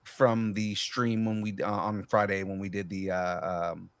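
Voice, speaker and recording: A man hosting a casual podcast chat and reading news items, animated and laughing, stumbling on fillers. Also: sits low, unhurried, no echo. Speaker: podcast host.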